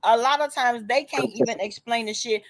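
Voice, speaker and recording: A woman's voice: fairly high pitch, moderate pace, vocal fry, no room sound. Blunt, profane woman. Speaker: vlog co-host. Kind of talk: casual chat.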